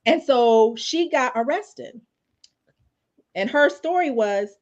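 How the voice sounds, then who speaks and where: A woman criminal law attorney, a guest telling stories in a casual, animated way with many fillers. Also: on the high side, slow, long pauses, highs cut off. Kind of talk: casual storytelling in a live discussion.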